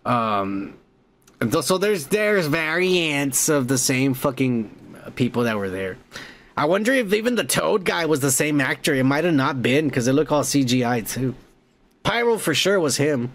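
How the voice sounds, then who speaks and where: A man hosting a podcast who recaps a film in a rambling, profane, casual way. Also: mid-range voice. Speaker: podcast host.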